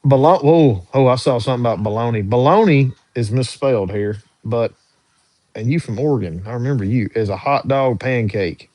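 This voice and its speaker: A young man runs a casual livestream, reading his viewers' questions aloud and answering each one in an easygoing, drawling way. His voice sits at an ordinary pitch for a man. The sound is dry and close, with no room echo. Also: moderate pace, mellow. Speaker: livestream host answering chat.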